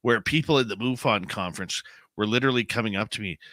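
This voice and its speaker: A man with a Canadian accent hosting a casual late-night radio chat, loud and excitable when he plugs the show. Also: lowish voice, fast, no echo, clean studio sound. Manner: loud, excitable sign-offs and show promos.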